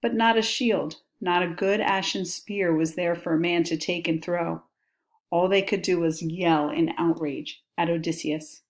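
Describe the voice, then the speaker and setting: A woman's voice: on the low side, fairly even intonation, a little slow. A woman teacher reading a text aloud and explaining it in a casual, chatty way.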